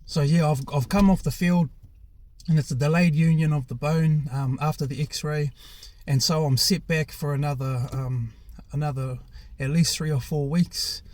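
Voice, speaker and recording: A young man with a New Zealand accent tells his own story frankly and casually, full of fillers and the odd swear word. His voice sits a little high but sounds mellow. The recording is close and dry, with no room sound. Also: steady tone, normal speed, dry recording. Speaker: former rugby player. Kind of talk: candid personal storytelling.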